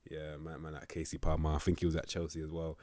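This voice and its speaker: A young man talks through a football management game in a very low, deep voice, slangy and easygoing, now and then getting fired up. The sound is dry and close, with no room around it. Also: quick pace, dry recording. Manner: slangy, laid-back, with bursts of excitement. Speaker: gaming YouTuber rating players. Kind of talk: casual game commentary.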